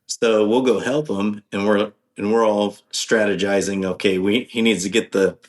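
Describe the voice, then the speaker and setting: A man's voice: on the low side, steady tone, normal speed. A man guesting on a podcast, talking casually in a rambling, hesitant way with many ums and restarts. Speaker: podcast guest, off-road driver.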